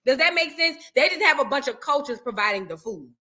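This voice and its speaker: A woman from New Orleans with a New Orleans accent, hosting a reaction show in animated, chatty and profane talk with her viewers. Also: high voice, brisk. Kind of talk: casual reaction chat.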